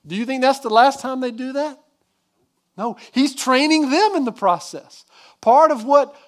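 A man with a high voice preaching to his congregation. He presses his points hard and keeps asking the listeners questions. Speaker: pastor. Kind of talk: sermon.

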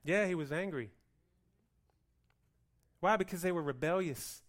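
A man preaching a sermon with lively swings between loud outbursts and hushed, slow passages, acting out the people's complaints. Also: a little high, slight background noise. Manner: plays out the people's complaints in a whiny voice. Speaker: pastor.

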